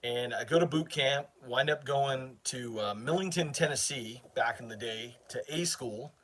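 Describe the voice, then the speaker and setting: A man's voice: mid-range voice, a little slow, a bit bright. A middle-aged man from northern Maine, hosting his channel and telling a long, rambling story to his viewers. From northern Maine, USA. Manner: rambling, chatty, self-interrupting. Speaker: channel host. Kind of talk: casual storytelling to a live chat.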